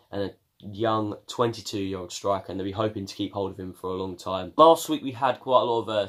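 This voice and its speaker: A young Englishman with a voice on the low side runs a football vlog, giving a casual news roundup on his channel. He's chatty and peppers his talk with ums and uhs.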